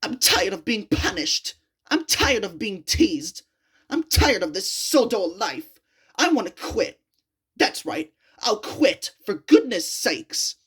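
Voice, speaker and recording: A woman voicing a grumpy young male tank engine from a children's storybook, with a whiny, high-strung manner. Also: very animated, slow, slightly rough, exaggerated voice. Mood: angry.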